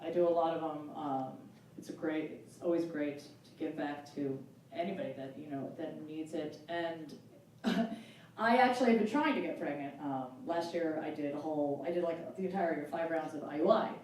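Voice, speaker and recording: A woman's voice: low voice, a little mellow, slight background noise. Self-mocking woman comic in an echoey club. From United States. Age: 40s. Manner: chatty, self-mocking, quick jumps into exaggerated voices. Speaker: stand-up comedian. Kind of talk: stand-up comedy set. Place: comedy club stage with a laughing audience. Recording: echoey club sound from far off.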